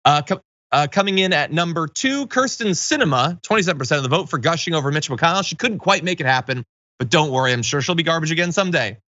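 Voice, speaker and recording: A man's voice: a little high, animated, fast, sharp tone, dry recording, lo-fi sound. A man hosting a political commentary show, delivering opinionated, mocking takes with sarcastic asides.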